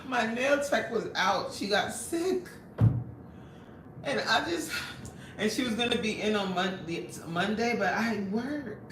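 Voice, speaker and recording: Animated New woman chatting on livestream. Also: medium pitch, a little hiss or hum. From New York. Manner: chatty, laughs often, greets viewers by name. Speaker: livestream host. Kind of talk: casual livestream chat reading comments. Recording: echoey room, voice off mic.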